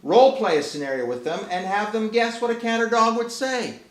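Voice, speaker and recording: A man's voice: sits high, fairly quick, a bit bright. A man presenting and promoting a children's book in an enthusiastic, folksy way. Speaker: author and presenter. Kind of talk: promotional talk. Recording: roomy echo.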